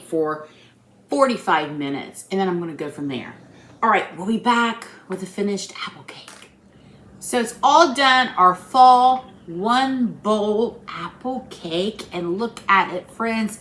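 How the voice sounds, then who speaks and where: A woman's voice: medium pitch, a bit bright, slight background noise. A woman with an Appalachian accent hosting a home cooking video, chatting folksy and friendly to her viewers as she bakes in her kitchen. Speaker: home cooking channel host. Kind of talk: casual cooking demonstration.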